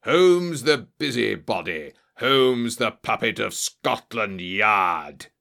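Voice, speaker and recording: A man doing a gravelly, menacing old villain. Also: fairly low pitch, animated, takes it slowly, pushed and bright, exaggerated voice. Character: fierce old male doctor villain, threatening. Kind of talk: audiobook character voice.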